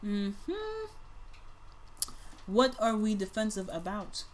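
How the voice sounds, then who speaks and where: A woman in the middle of a casual tarot reading, talking straight to the people watching. She speaks bluntly and swears freely. Her pitch sits in the middle, and she moves between quiet, thoughtful stretches and sudden loud bursts. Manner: lively, jumps between soft musing and loud outbursts. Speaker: tarot reader.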